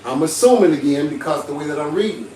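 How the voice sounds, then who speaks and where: A man's voice: on the high side, lively intonation, fast, darkish tone. A man, hosting a livestream, giving casual advice and telling stories with chuckles and a preachy lilt. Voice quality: preachy, storytelling, chuckles often. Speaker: livestream host. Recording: roomy, distant from the mic, faint background hiss.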